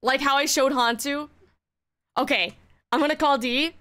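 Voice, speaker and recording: A woman streaming and chatting, giddy, laughing a lot and swearing as she talks in excited bursts. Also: high voice, moderate pace. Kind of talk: excited casual stream chat.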